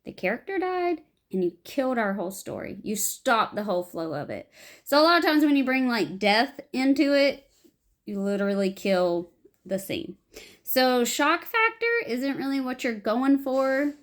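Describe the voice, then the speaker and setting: Young female improv teacher, animated, slightly high voice, beginner lesson. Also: normal speed. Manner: animated, acts out short example lines.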